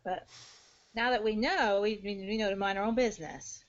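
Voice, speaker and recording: A woman's voice: medium pitch, normal speed. A woman playing a tabletop game, agreeable and a little stammering. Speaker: player. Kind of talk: casual tabletop play. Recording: dull lo-fi audio.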